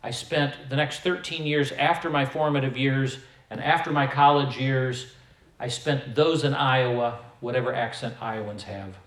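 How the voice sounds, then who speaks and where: In an echoey room, a medium-pitched, slightly bright-sounding pastor from the American Midwest delivers an emphatic sermon. His preaching is slow, with volume rising and falling.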